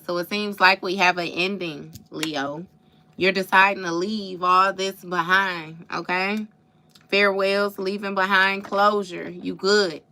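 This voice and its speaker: Woman doing a live tarot reading, bright voice, slangy n cussing, calls u baby. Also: lowish voice, creaky, slight background noise. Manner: slangy, profane, laughs often, calls listeners baby. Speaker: tarot reader.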